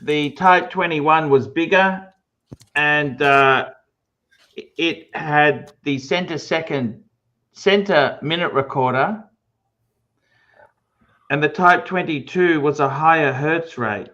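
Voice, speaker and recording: Slow-talking man, muffled lo-fi sound. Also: a little high, bright, forceful tone. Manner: effusive about watches, halting with fillers. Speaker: co-host and watch expert. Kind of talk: casual livestream chat. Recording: dull lo-fi sound.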